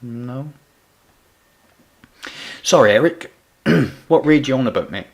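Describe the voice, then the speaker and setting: A man's voice: mid-range voice, lively intonation, slow pace, vocal fry. A man chatting casually with viewers by name while live-streaming a game, talking loosely with many restarts into a home desk mic. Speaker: gaming livestreamer. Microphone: external USB mic at home gaming setup.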